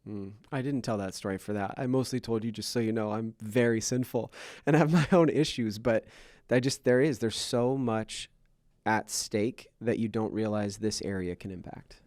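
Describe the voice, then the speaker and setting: A man's voice: lowish voice, normal speed, a little mellow, no room sound, studio quality. A man in his thirties co-hosting a podcast, telling a personal story in an earnest, confessional way, with many fillers and restarts. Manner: earnest, confessional, full of fillers and self-corrections. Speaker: podcast co-host. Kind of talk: candid personal podcast conversation.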